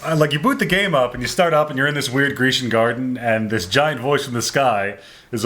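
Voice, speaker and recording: A man's voice: mid-range voice, fairly quick, fairly bright tone, a little hiss or hum. Wry rambling man on a podcast. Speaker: podcast co-host. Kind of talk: casual chat.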